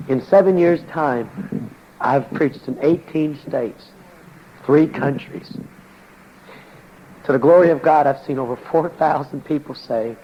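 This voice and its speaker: A man preaching his testimony to a congregation, telling it in a folksy, plain-spoken way with slang. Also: medium pitch. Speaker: evangelist preacher. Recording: dull lo-fi recording with faint background noise.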